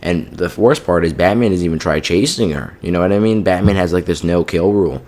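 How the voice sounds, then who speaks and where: A man's voice: sits low, fairly quick, darkish tone. A man giving a casual, profane review of a TV show, exasperated and peppered with "like" and "you know what I mean".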